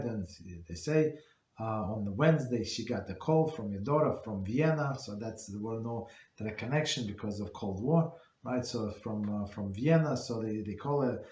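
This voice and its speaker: A man teaching an online Torah class, telling a story haltingly with many fillers and restarts. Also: on the low side, darkish tone. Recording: roomy echo.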